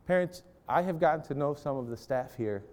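A man's voice: fairly high pitch, lively intonation, fairly quick, a little mellow. A man preaching a sermon to parents and students, with an impassioned delivery that swells and drops as he acts out prayers. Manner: impassioned preaching, voice rising and falling for acted prayers. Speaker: pastor.

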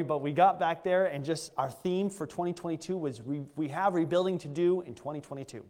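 Earnest missionary preacher in an echoey church. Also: male voice, fairly high pitch, a little mellow. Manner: earnest, conversational, with frequent restarts. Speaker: missionary pastor. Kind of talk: sermon testimony. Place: church sanctuary.

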